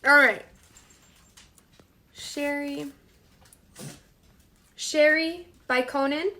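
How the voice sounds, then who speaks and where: Chatty high-voiced woman cooking live. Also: fairly even intonation, very slow, sharp tone. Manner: chatty, reads out viewer names, talks to herself. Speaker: host of a live cooking stream. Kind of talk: casual live-stream chat while cooking.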